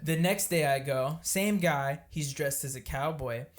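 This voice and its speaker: Animated man telling a vacation story. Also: on the high side, measured pace, loud music behind the voice. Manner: animated storyteller, swears, acts out voices. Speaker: podcast co-host. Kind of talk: casual storytelling chat.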